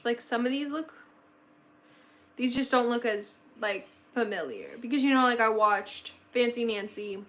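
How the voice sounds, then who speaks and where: A teenage girl chatting casually on a live stream, excitable and nostalgic, gasping often and saying "like" a lot. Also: a little high. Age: teen, about to turn sixteen. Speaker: livestreamer.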